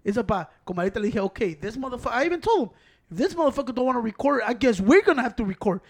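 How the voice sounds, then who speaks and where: Man, very high voice, rapid, blunt, profane. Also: very animated. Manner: blunt, profane, says güey constantly. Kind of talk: casual chat, mixing Spanish and English.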